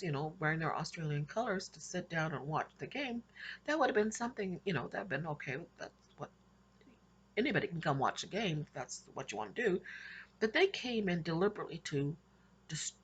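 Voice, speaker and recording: A Christian vlogger, a woman with a fairly low, fairly bright voice and a breathy edge, tells a casual, rambling story about her dreams. She keeps restarting her sentences and slipping in little laughs.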